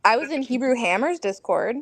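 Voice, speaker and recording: A woman's voice: on the high side, expressive, brisk. A woman in casual group chat on a stream, brash and teasing, swearing freely.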